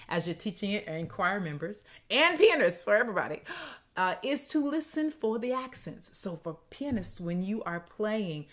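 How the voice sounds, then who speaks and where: A woman composer and choir conductor, explaining her choral piece in a lively, conversational, demonstrative way. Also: fairly low pitch.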